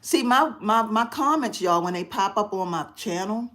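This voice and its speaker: A middle-aged woman chatting casually on a phone live stream from a quiet room at home, expressive and quick to laugh. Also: medium pitch. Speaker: craft channel host. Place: quiet spare bedroom at home.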